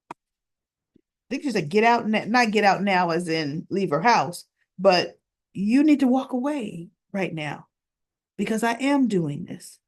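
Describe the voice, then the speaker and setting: A woman's voice: medium pitch, darkish tone. A woman casually recapping a soap opera episode, retelling the scenes line by line with lots of "she goes" and "right?".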